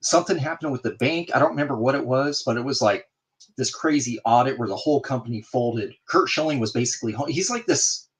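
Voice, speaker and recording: A man's voice: medium pitch, fairly quick. A man in a casual video call, telling a story and acting out both sides of the conversation. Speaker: guest in a group video chat.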